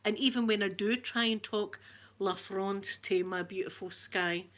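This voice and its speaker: A woman's voice: medium pitch, a little slow, fairly bright tone. Glaswegian woman chatting on her live stream, broad accent, laughs a lot, talks to the chat by name. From Scotland. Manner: chatty, laughs often, greets viewers by name. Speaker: ASMR channel host.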